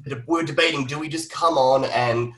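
A man's voice: a little high, moderate pace, a bit bright, reverberant, poor audio. An Australian man with a slight Canadian tinge in his accent, co-hosting a podcast and laughing often. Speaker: podcast co-host. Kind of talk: casual chat.

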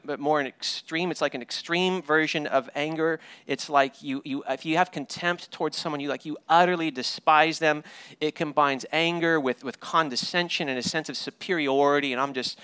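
A man preaching a sermon as pastor, animated and storytelling, often repeating words as he restarts. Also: fairly high pitch, smooth, no room sound. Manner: animated storytelling with paraphrased dialogue; frequent word repeats and restarts.

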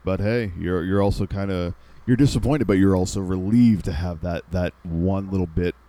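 A man co-hosting a casual podcast, speaking with hesitant, halting starts. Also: sits low, mellow. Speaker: podcast co-host. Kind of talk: casual chat.

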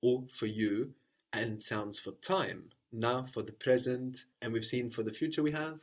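A man's voice: mid-range voice, measured pace. Patient man teaching a language lesson. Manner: patient, encouraging, prompts then repeats answers.

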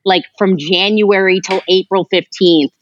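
A woman guest in a casual podcast conversation, animated and laughing often as she talks. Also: medium pitch, measured pace, dull audio, slight background noise.

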